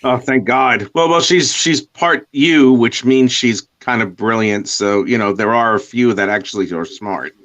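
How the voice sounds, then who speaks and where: A man's voice: medium pitch, unhurried, hardly any pauses, a bit bright. A man chatting casually on a stream, joking and laughing a lot. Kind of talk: casual chat.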